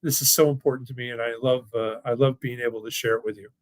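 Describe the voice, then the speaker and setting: Talking fast in a mid-range voice with fairly even intonation, this financial firm owner runs an online workshop from home or the office. It's a casual webinar with live questions, and he's enthusiastic, folksy and prone to rambling; there's no echo.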